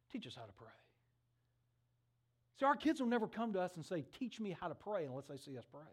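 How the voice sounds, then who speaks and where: A middle-aged man preaching a sermon, telling stories with lively acted-out voices. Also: extremely high pitch. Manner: animated storytelling, acts out voices in the stories. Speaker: pastor.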